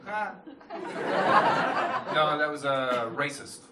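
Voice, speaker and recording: A man's voice: on the high side, wildly swooping pitch, very slow, heavy background noise. A Canadian man with a Canadian accent doing live stand-up, with a dry, sarcastic, self-deprecating delivery. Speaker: stand-up comedian. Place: comedy club stage. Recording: echoey club, loud crowd, from far off.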